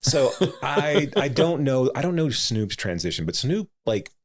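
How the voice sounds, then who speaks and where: A man's voice: medium pitch, very animated, measured pace. A man co-hosting a casual film podcast, rambling with frequent laughs, fillers and restarts. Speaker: podcast co-host. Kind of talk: casual chat.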